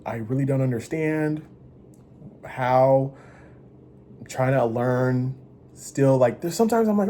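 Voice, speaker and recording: A man's voice: unhurried, pauses often, slight background noise. A man talking straight to the camera in a rambling confessional vlog, swearing freely and restarting his sentences. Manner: rambling, restless, swings between loud bursts and low mutters; profane and self-interrupting. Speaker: vlogger. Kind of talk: casual confessional monologue.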